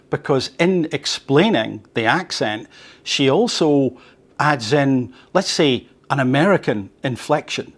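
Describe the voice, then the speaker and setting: Thoughtful man musing aloud to listeners. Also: medium pitch. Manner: thoughtful, asks listeners questions. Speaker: host. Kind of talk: reflective commentary, reading news excerpts.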